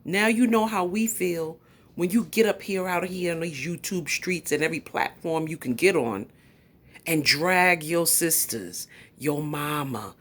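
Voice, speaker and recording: A woman with a New York accent rants on a livestream, sassy and confrontational. Her voice sits low. She hammers each point with emphatic, pointed delivery. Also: fairly bright tone. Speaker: YouTube commentator. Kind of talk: livestream commentary rant.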